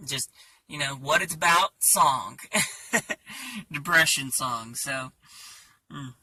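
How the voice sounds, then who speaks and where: Guy talking slow about his songs, bright tone, kinda far off with faint hum behind. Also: on the high side, animated. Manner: halting, many fillers and restarts. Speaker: songwriter.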